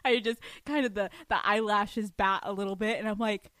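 A young woman hosting a podcast, telling a story in an animated, profane way with lots of laughter. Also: on the high side, normal speed, dry recording. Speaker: podcast host. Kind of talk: storytelling monologue.

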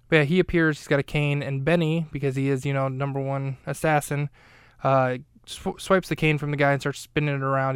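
A man's voice: mid-range voice, smooth, dry recording. A man hosting a podcast, casually recapping a film scene in a rambling, talkative way, with lots of fillers and self-corrections, close to a studio mic. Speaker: podcast host.

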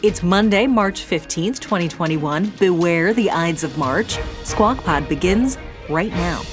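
A woman hosting a news podcast, reading her script at a brisk clip in a slightly low voice. Music plays underneath her. The delivery is smooth and practiced. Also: animated. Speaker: podcast producer and host.

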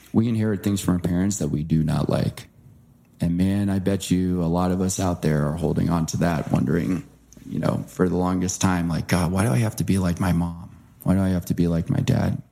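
Gravelly low-voiced man telling his story. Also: a little fast. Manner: earnest, animated impressions when quoting. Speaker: guest author. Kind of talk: storytelling interview talk.

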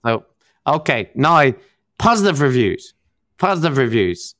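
A man's voice: mid-range voice, big pitch swings, measured pace, a bit bright, no room sound, studio quality. A man with an Irish accent, co-hosting a podcast in casual, sardonic banter and laughing often. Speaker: podcast co-host.

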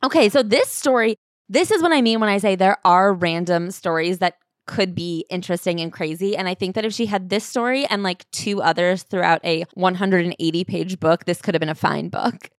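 A woman's voice: lowish voice, brisk, dry recording, clean studio sound. A woman co-hosting a casual book-review chat, talking in a loose, chatty way with lots of "like". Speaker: podcast co-host.

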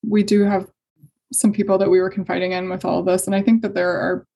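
A young adult woman telling a personal story in conversation, hesitant and emotional, with many fillers and soft laughs. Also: mid-range voice, little pitch movement, quick pace, creaky, slightly rough. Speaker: guest sharing fertility story.

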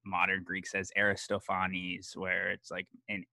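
Bright-voiced rambling American man. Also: lowish voice, fairly even intonation, normal speed, no echo. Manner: rambling, self-deprecating, many fillers. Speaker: history podcaster guest. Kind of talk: casual conversation.

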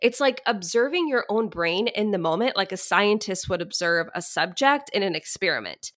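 A woman's voice: medium pitch, lively intonation, moderate pace, fairly bright tone. A young adult woman hosting a solo money-coaching podcast, chatty and upbeat.

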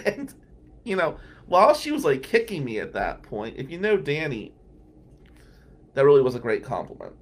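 A man's voice: on the high side, wildly swooping pitch, moderate pace, long pauses. Rambling, chuckling male podcast host. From Atlantic City, New Jersey. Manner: rambling, conversational, chuckles between remarks. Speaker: podcast host and criminal defense lawyer. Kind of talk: casual anecdotal storytelling.

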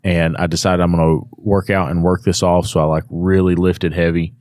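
Low-voiced man telling a story. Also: normal speed, no echo. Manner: animated, acts out quoted voices. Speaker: podcast guest. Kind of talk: casual storytelling.

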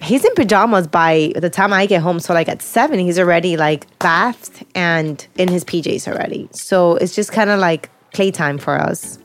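A mother hosting a casual chat, animated and rambling as she talks about her son's bedtime. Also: fairly low pitch, normal speed, hardly any pauses, soft background music. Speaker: host, a mother.

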